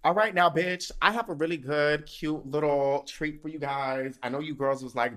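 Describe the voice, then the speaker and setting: A man hosting a podcast in casual chat, animated and sassy, swearing freely and laughing often. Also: a little high, moderate pace. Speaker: podcast host.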